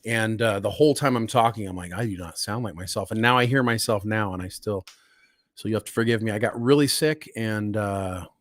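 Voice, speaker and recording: A man co-hosting a live podcast stream, joking in a laid-back way, hoarse from a recent illness. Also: lowish voice, brisk, fairly bright tone, dry recording. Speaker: podcast co-host. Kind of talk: casual live-stream chat.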